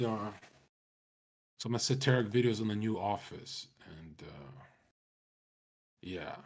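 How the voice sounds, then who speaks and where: A man's voice: mid-range voice, darkish tone, breathy edge. A man talking casually to his stream chat, rambling and swearing, with many restarts.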